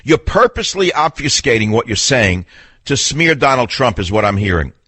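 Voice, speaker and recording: A man's voice: medium pitch, very animated, moderate pace, sharp tone, husky, dry recording. An older man hosting a national call-in radio show, blunt and sarcastic, arguing with callers and riffing in a talky, mocking way. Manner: blunt, sarcastic, argumentative, mimics people in voices. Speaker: radio talk show host. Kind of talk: combative call-in radio talk.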